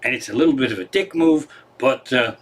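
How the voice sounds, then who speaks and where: A man's voice: mid-range voice, brisk. A comedian casually retelling scenes and stories on a livestream from his living room, swearing freely and rambling. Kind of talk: casual stand-up storytelling on a livestream.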